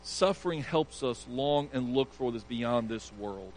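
A man's voice: medium pitch, lively intonation, a little slow, a little hiss or hum, low-quality recording. A male pastor preaching an earnest sermon, emphatic and sometimes stumbling over restarts.

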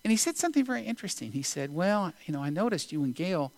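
A male preacher giving a sermon, telling a story in an unhurried, deliberate way with pauses. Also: high-pitched, very animated, vocal fry, no echo.

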